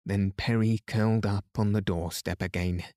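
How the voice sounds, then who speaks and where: A man calmly reading a classic novel aloud as a bedtime story for a sleep podcast, soothing and unhurried. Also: lowish voice, no room sound, studio quality. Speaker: podcast narrator.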